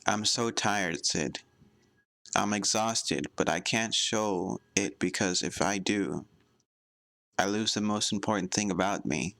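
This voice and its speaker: A man's voice: lowish voice, takes it slowly, creaky, exaggerated voice. A man reading as Yakko, worn out and tearful. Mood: weary. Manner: quiet, choked, apologetic. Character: exhausted, tearful young male cartoon character.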